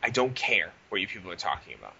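A young man hosting a casual podcast, telling profane, animated stories with quoted dialogue. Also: deep voice, fast, creaky, breathy edge, highs cut off. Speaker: podcast host.

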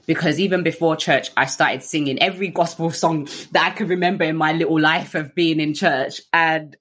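Low-voiced British woman telling her story. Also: fairly even intonation, normal speed, a bit bright. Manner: conversational, many fillers, acts out others in raised voices. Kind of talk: candid personal storytelling.

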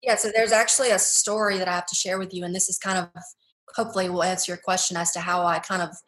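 A woman's voice: lowish voice, flat delivery, fast, fairly bright tone. Young woman talking earnest and heartfelt, lots of "like", roomy echo around her. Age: young adult. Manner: earnest, heartfelt, many "like" and "you know" fillers. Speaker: guest. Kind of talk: personal testimony interview.

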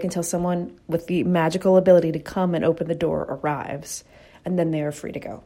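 On the low side and mellow, this woman's voice moves fairly quickly with fairly even intonation as she hosts a reflective motivational talk. Her stories are candid and casually told, sprinkled with an occasional curse.

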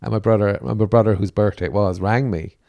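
Middle-aged comic guest, gravelly voice with a dry recording, spins vivid anecdotes. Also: male voice, lowish voice, fairly even intonation, a little fast, dark tone, dry recording. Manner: vivid storyteller, acts out the people he quotes. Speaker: comedian guest. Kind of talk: casual podcast chat.

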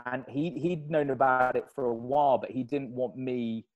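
A man being interviewed on a podcast, telling stories in an animated, casual way and laughing often. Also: mid-range voice, moderate pace, highs cut off. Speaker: podcast guest, endurance athlete.

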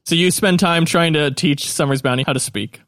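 A man as game master, narrating a tabletop game in a relaxed, amused way. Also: fairly high pitch, moderate pace, no echo, studio quality.

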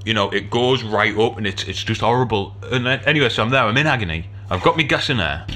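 A man's voice: on the low side, fast, sharp tone, a little hiss or hum. A man telling a story in casual podcast chat, swearing and laughing as he goes. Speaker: podcast co-host.

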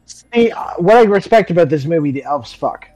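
A man's voice: a little high, lively intonation, normal speed, a little mellow, lo-fi sound, faint music behind. A man co-hosting a podcast, making crude wisecracks while watching a movie. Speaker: podcast co-host. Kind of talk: casual movie-watching chat.

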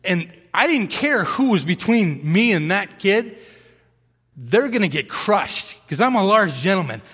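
A man preaching in a lively, animated storytelling way, slipping into the voices of the people in his stories. His voice sits a little high for a man. The sound carries the long reverb of a large hall. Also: a little slow, husky. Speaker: pastor. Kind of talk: sermon.

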